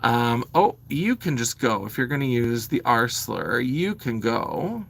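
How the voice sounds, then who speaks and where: Animated, bright-voiced man ranting. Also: medium pitch, measured pace, creaky, slight background noise. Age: 40s. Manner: animated, blunt, sweary, exasperated. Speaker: vlogger. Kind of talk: ranting to camera.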